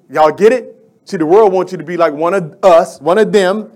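A middle-aged man preaching with fervent, conversational energy. His voice sits high for a man, and he repeats phrases and calls out to the congregation as he builds his points. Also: normal speed, darkish tone. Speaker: pastor. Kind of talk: sermon.

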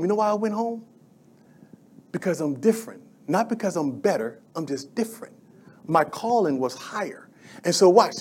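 A man's voice: sits high, a little mellow. A middle-aged male pastor preaching a sermon in a fervent, conversational way, repeating phrases and calling out to the church.

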